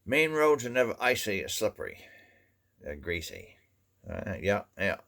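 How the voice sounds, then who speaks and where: A man's voice: on the low side, wildly swooping pitch, a little slow, vocal fry, fairly bright tone. A man from Maine with a Maine accent, rambling through a casual folksy monologue, full of "you know" and restarts. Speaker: vlogger.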